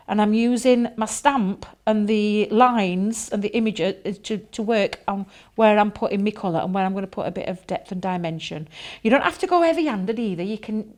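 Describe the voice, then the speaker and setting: A woman talks through a crafting demo in an easy, enthusiastic way, thinking aloud as she goes. Her voice sits a bit high, and she sounds like she's speaking indoors a little away from the mic. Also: darkish tone. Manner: chatty, enthusiastic, thinks aloud while working. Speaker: craft demonstrator. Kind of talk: live crafting demonstration.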